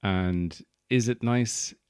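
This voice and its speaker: A man's voice: fairly low pitch, slow pace, darkish tone, clear, resonant tone, dry recording, studio quality. An Irish man hosting a podcast, rambling through a jokey comic monologue and slipping into put-on accents. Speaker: podcast host and stand-up comedian. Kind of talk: casual comedic monologue.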